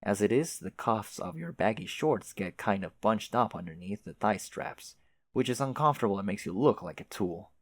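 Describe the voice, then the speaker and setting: Low-voiced man reading a webcomic aloud. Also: expressive, moderate pace, no echo. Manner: casual, wry, swears in asides. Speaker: webcomic reader.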